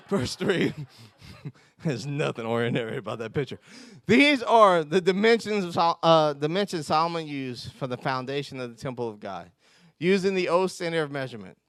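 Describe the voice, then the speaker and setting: A man giving a conversational sermon as pastor, telling stories with self-mocking humor and quick laughs. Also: medium pitch, dry recording.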